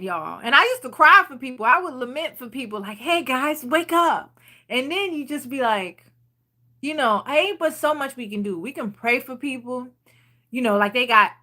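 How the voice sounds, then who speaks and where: A woman with a high, bright voice talks casually to her viewers about faith. She rambles freely and stops to read out their comments. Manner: chatty and rambling, reading viewer comments aloud. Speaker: channel host leading a Bible study.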